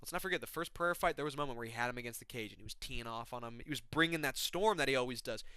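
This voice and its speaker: A man ranting casually with excitement and heavy profanity, giving his fight predictions as the host of a mixed martial arts channel. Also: mid-range voice, rapid-fire, clean tone, dry recording. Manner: excitable, profane, slangy fan talk.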